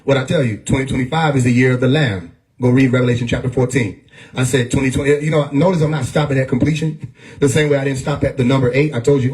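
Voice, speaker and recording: Male host holding forth on a live stream, preachy, keeps urging the audience to stay with him, quick bursts of laughter. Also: medium pitch, a little mellow. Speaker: livestream host. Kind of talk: casual livestream monologue.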